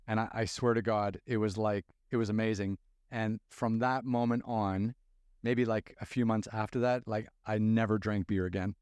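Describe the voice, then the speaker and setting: Canadian podcast host guy telling a story, smooth low voice, dry mic. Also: moderate pace, no echo. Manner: storytelling, relaxed, says "like" often. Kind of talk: casual podcast conversation.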